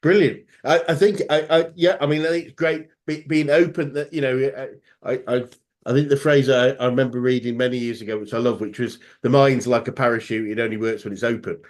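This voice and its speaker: Guy hosting a business interview, keen, stumbles and repeats words, middle pitch. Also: steady tone, a little fast. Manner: enthusiastic, many false starts and repeated words. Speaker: interview host, business coach. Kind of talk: casual interview chat.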